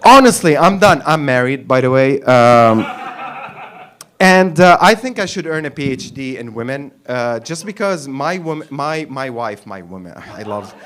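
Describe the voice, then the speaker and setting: A man's voice: mid-range voice, a little slow. A man performing a crude, rambling stand-up comedy set on a club stage with a handheld mic, from the Arab world. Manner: brash, crude, rambling and animated.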